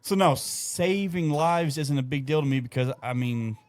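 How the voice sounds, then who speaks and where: A man's voice: mid-range voice, a little slow. A young adult man, telling stories in a loose, profane way on a casual podcast. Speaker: podcast co-host. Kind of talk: casual chat.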